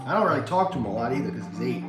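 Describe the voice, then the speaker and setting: A man's voice: medium pitch, animated, very fast. A man hosting a casual livestream who tells stories animatedly, acts out the dialogue and laughs often. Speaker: livestream host. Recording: echoey room with background music.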